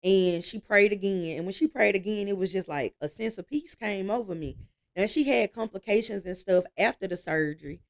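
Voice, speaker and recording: Lady guest, gravelly voice, tells stories lively and laughs a lot. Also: medium pitch, a little fast. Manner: lively storytelling, laughs easily. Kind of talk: casual interview chat.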